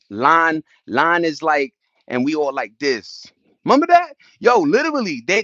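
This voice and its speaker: Animated New man telling stories. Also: dry recording, dull audio. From New York. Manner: animated, slangy, jumps into high-pitched impressions and beatboxing. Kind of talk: casual storytelling chat.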